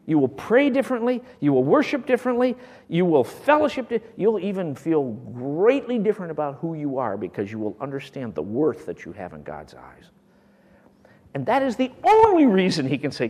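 A man preaching a sermon with great passion, swinging from loud bursts down to near whispers. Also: on the high side, huge pitch swings, normal speed, big-room sound.

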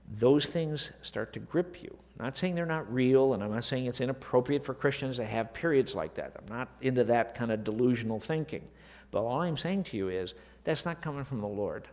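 Lively preacher in an echoing hall. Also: male voice, mid-range voice. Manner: animated, building to emphatic slow declarations. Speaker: pastor. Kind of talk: sermon. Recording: long reverb of a large hall.

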